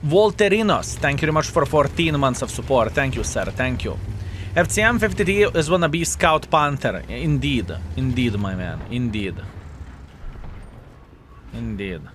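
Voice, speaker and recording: A man's voice: medium pitch, sing-song, normal speed, noisy background. A man streaming a tank game, commenting on the action, swearing and thanking chat viewers by name. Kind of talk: live gameplay commentary and chat reading.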